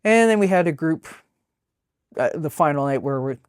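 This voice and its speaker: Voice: mid-range voice, animated, moderate pace, smooth, no room sound, studio quality. A webcomic artist casually narrating a sketchbook tour, talking in a rambling, chatty way with many fillers.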